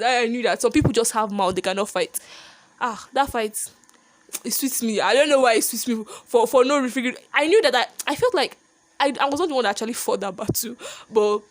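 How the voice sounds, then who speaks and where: A young woman tells a story in a casual vlog style, lively and animated. Her voice sits a little high and swings up when the story heats up. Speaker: vlogger.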